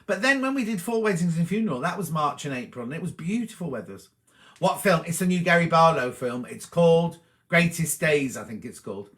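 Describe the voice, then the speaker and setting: A cheery middle-aged man chats casually on a live stream, reading out viewers' messages and answering each one. His voice sits a little high for a man and sounds bright and forward. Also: animated, fairly quick. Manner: chatty, cheery, reads comments aloud and chats back to them.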